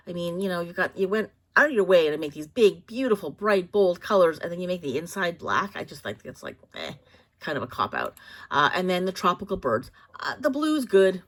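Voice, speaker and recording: A woman vlogging casually about products, rambling with many fillers and quick self-corrections. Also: lowish voice, fairly bright tone. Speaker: vlogger reviewing bags.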